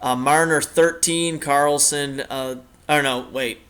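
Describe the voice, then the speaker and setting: A man's voice: on the high side, steady tone, a little slow, a bit bright. A young man casually commenting on a hockey video game as its host, rambling with many fillers and the odd swear. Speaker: gaming channel host.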